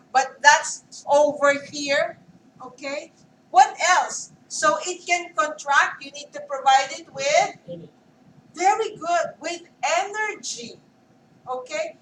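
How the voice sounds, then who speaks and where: High-voiced woman lecturing in a roomy classroom. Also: takes it slowly, pushed and bright, slight background noise. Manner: checks often with "okay?" and quizzes students. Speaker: anatomy lecturer. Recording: roomy classroom mic from far off.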